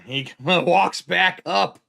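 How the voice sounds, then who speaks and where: A man's voice: sits high, extremely slow, creaky, sharp tone. A man playing a tabletop game solo, narrating casually and thinking aloud as he counts supplies and swears freely.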